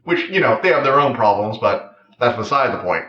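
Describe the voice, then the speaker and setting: A man's voice: medium pitch, expressive, fairly quick. Rambling man reviewing a show in a roomy room. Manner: rambling, loose, full of "like" and restarts. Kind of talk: casual spoken review. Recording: roomy, slightly dull recording.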